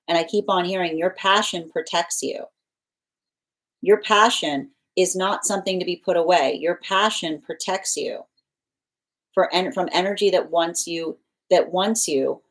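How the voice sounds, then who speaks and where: A woman giving a live tarot reading, rambling and emphatic, with frequent restarts and repeated phrases. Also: on the low side. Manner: emphatic, insistent. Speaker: tarot reader.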